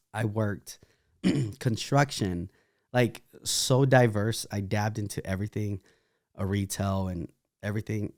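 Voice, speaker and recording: A young man from California talks through his past in a relaxed interview, animated and quick to laugh at himself. His voice sits a little low, recorded dry and close with no room sound. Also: dry recording. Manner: animated storyteller with laughing asides and restarts. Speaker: interview guest, dancer. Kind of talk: casual interview storytelling.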